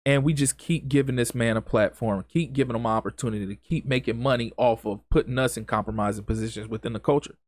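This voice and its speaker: On his solo podcast, a man talks fast with few pauses in a medium-pitched voice. He's impassioned and emphatic, repeating himself a lot and using casual grammar.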